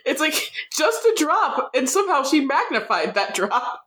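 Wry young woman with lively pitch. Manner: wry, quick side comments. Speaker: podcast co-host. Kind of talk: casual chat.

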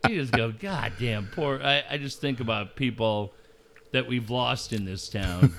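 A man's voice: mid-range voice, unhurried, creaky, fairly bright tone, a little hiss or hum. A man ranting about local sports with constant swearing and mocking put-on voices. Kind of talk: profane sports rant.

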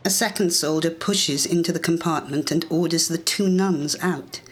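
An audiobook narrator giving a measured, deliberate reading of a scripted story. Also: medium pitch, husky.

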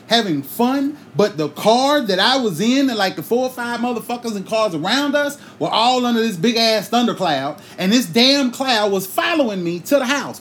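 A man hosting a podcast, telling a comic story in a loose, profane, animated way and breaking into sung bits now and then. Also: very high-pitched, a little hiss or hum. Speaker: podcast host.

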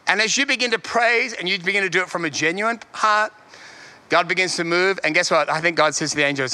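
A man preaching a sermon in a lively way, repeating his key lines and chuckling between points. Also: high voice, brisk.

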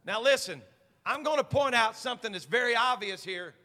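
High-voiced fervent preaching man. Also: animated, a little fast, in a large hall. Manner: fervent, swings from quiet asides to shouted climaxes. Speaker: senior pastor. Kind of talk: preaching a sermon. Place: church sanctuary.

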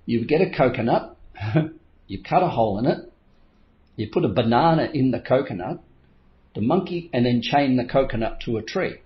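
Speaking at a normal pace with an animated, medium-pitched voice, a middle-aged coach gives a motivational talk. He spins stories and voices his inner thoughts aloud, chuckling frequently; the audio is lo-fi and a little muffled.

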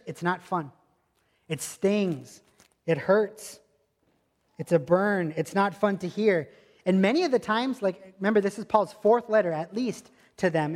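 A man preaching a sermon as pastor, earnest and emphatic, driving points home through repetition. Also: high voice. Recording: long hall reverb.

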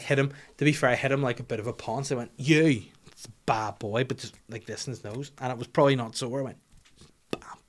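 With a Northern Irish accent and a mid-range voice, a podcast host tells an animated, self-mocking story sprinkled with curses, in a casual conversational style.

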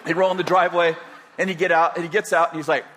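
A man's voice: on the high side, level tone, very fast, fairly bright tone. An older man from California telling a personal story in a rambling way, with many restarts and chuckles. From California, USA.

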